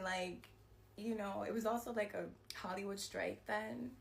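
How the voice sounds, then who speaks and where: A woman telling a personal story to her viewers in a storytime vlog, animated and peppered with "like" and swearing. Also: mid-range voice, moderate pace, creaky. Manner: animated retelling, heavy use of "like", frequent swearing. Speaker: vlogger.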